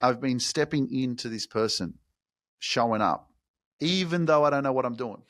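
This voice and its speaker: A man's voice: medium pitch, normal speed, fairly bright tone, no room sound, studio quality. A man hosting a motivational podcast, talking casually with a lot of slang and profanity and pushing his listeners hard. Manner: profane, slangy, fired-up exhortation. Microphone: microphone.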